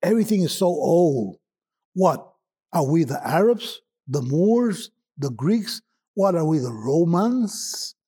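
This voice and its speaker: A man who is a guest poet, reminiscing in relaxed conversation with hesitant fillers, then reading his poem in a measured, deliberate way. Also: fairly high pitch, husky.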